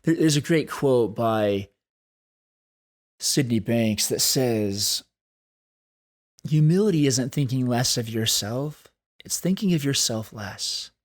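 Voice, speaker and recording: A man hosting a solo podcast, talking in an earnest, thoughtful way and slowing down to stress key points. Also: mid-range voice, expressive. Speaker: podcast host. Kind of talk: reflective solo podcast talk.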